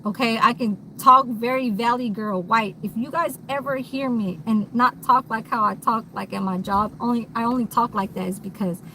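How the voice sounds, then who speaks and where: Woman vlogger, bright and slightly high voice, rambling and blunt with frequent swearing, faint vehicle hum behind. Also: moderate pace, few pauses, rough recording. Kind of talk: candid unscripted monologue.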